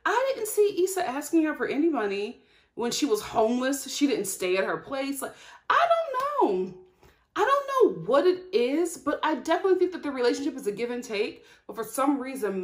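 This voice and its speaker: Young woman, casual TV review vlog, chatty, frequent laughter, fairly high voice. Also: normal speed. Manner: chatty, laughs often, animated asides. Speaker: TV recap vlogger.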